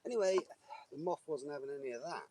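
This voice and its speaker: A man's voice: on the high side, fast, dark tone, far from the mic, rough recording. Rambling man by a running river. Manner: joking, meandering, with frequent restarts. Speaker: vlogger. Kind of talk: rambling outdoor monologue. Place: outdoors by a river, feet in the water. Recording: outdoor recording with running water noise. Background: running water.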